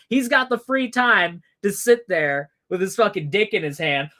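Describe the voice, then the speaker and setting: A man's voice: high voice, lively intonation, normal speed, hardly any pauses, heavy background noise. A man hosting a livestream, commenting in a casual, sarcastic and profane way, laughing often and putting on mocking voices. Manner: mocking put-on voices for imagined people. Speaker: livestream host.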